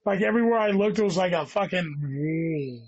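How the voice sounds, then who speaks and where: A guest comedian rambles through a long, casual story, swearing heavily and saying "dude" constantly. His voice is high-pitched and expressive with a darkish tone, at a moderate pace. The recording sounds dull and lo-fi.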